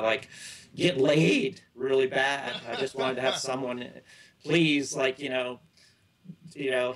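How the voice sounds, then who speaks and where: A middle-aged man talks as a guest in a relaxed interview, drifting from one story to the next. He trips over his own sentences and starts them again, keeping an easygoing conversational flow. His voice sits at an ordinary pitch for a man. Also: poor audio. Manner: rambling, loose storytelling with many restarts. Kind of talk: casual interview chat.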